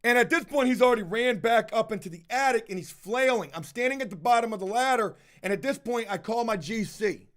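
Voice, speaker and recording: A man's voice: very high-pitched, brisk, few pauses, fairly bright tone. A man telling a heated, profanity-heavy story in a casual monologue with lots of emphasis.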